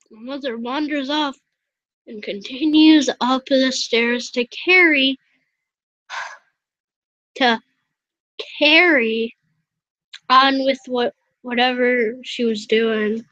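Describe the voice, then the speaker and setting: A woman's voice: high-pitched, no room sound. A woman reading a visual novel aloud with self-mocking, chatty asides. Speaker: let's player. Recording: dull, lo-fi, dry.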